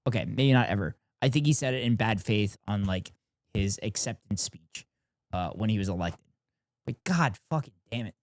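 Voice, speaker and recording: A streamer tearing into a debate video with exasperated, foul-mouthed disbelief. The voice swings widely in pitch between outbursts and grumbles. It sits in a dry, close-miked space. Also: lively intonation, normal speed, no room sound. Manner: exasperated, profane, incredulous outbursts. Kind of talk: live stream reaction commentary.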